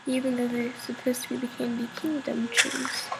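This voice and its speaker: A woman's voice: on the high side, little pitch movement, moderate pace. A young woman giving casual, rambling commentary while playing a game, muttering and joking to herself. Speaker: gamer. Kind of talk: casual let's-play commentary. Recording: home recording with clear background noise.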